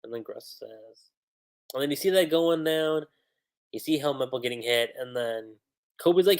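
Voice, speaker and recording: A man hosting a livestream, reading manga dialogue aloud and commenting on how two translations differ, acting out the lines with lively emphasis. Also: mid-range voice, a little slow, pauses often. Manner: reads character lines aloud with animated emphasis.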